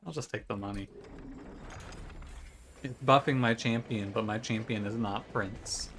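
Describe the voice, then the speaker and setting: In this gameplay commentary, a man jokes wryly and trash-talks in jest while playing a video game in a home room by a window. His voice is on the low side and fairly bright, with a measured pace. Game music and slight background noise sit behind him.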